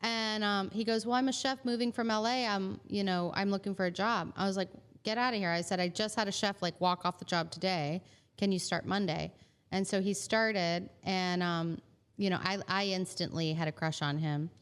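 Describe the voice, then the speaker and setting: A woman's voice: mid-range voice, steady tone, moderate pace, clean tone. A woman who owns a catering business, chatting casually and bubbly with many fillers. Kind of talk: casual chat.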